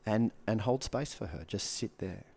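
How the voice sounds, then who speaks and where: A man's voice: on the low side, animated, moderate pace, gravelly, darkish tone, slightly rough. A man, a guest coach giving earnest advice in casual podcast talk, repeating short punchy phrases.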